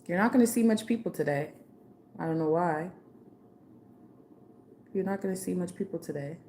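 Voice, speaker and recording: A woman's voice: lowish voice, normal speed, dark tone, slight background noise. A woman giving a chatty, slangy live-stream tarot reading, talking straight to one viewer with lots of "like" and "okay". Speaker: tarot reader.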